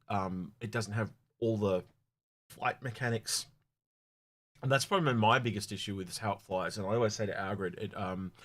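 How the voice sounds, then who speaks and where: A man with an Australian accent co-hosting a casual podcast chat, talking at length with many pauses and fillers. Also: on the low side, a bit bright. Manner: rambling, hesitant with many fillers. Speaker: podcast co-host.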